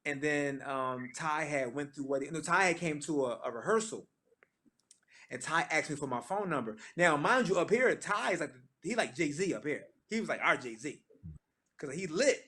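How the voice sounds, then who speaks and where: Man, 30s, gospel singer, slangy casual testimony, slightly high voice, acts out quotes. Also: moderate pace. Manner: lively and slangy, acting out quoted lines. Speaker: gospel singer sharing his story. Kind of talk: casual storytelling testimony to a church audience. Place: church.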